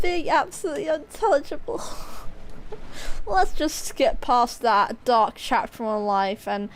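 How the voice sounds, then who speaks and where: A woman's voice: fairly high pitch, sing-song, measured pace, noisy background. A woman streaming a video game, giving rambling, giggly, self-mocking commentary. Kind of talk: casual gameplay commentary.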